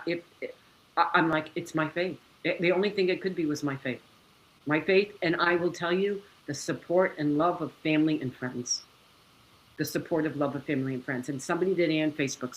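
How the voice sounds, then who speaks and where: A woman speaking as an interview guest, telling a personal story in an animated, exclamatory way and laughing often. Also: deep voice, low-quality recording.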